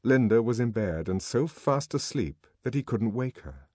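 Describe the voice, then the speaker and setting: A man narrating an audiobook in a measured, expressive storytelling manner, recorded on a close studio mic. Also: mid-range voice, husky, no echo.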